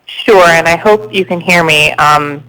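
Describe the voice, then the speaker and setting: A man gives formal testimony from a phone on speaker, and the line is garbled. He is measured and careful, with many fillers. His voice is bright and on the high side. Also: smooth, poor audio. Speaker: city administration official. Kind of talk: formal public meeting testimony.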